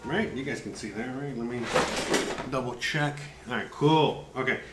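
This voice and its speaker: A man's voice: medium pitch, normal speed, reverberant, over loud music, rough recording. A man hosting a casual live cooking demo, chatty and joking, filling his talk with "you know". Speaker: cooking show host. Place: home kitchen.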